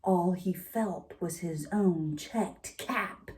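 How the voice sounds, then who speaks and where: A woman's voice: lowish voice, drawn-out words, heavy background noise. A woman reading a picture book aloud to children, with chatty asides to her young listeners. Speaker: storytime reader.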